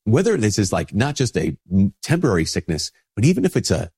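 Husky-voiced priest with a cold. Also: male voice, lowish voice, sing-song, brisk, darkish tone. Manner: conversational, informal, with many restarts and "like". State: sick with a stuffy nose. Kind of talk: casual spoken reflection.

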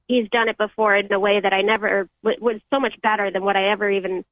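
A young woman on a call-in show shares a personal faith story in an earnest, halting way. Her voice comes through a tinny, phone-like line. The sound is dry, with no room around it. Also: mid-range voice, steady tone, no echo. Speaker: caller.

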